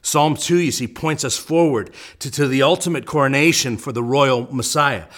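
A man's voice: mid-range voice, moderate pace, fairly bright tone. A man preaching a sermon as pastor, in an earnest way, often repeating a word as he starts a phrase.

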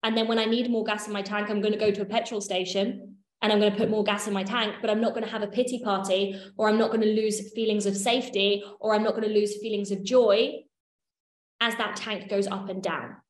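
A woman with a mid-range, brisk voice and little pitch movement leads a workshop. Recorded in an echoey room, she teaches casually, cursing offhand and checking her listeners are with her.

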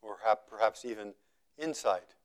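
A man giving a slow, measured talk at a meditation retreat, repeating phrases for emphasis and letting his voice fall quiet at the ends of thoughts. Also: on the low side. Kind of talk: contemplative dharma talk.

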